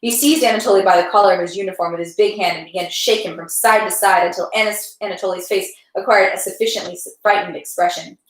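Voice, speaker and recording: A woman's voice: medium pitch, steady tone, fast talker, few pauses, roomy sound, low-quality recording. A woman reading a long novel aloud, changing her tone for the dialogue and sometimes stumbling and restarting. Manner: reads dialogue with shifting tones, occasional slips and restarts. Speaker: reader.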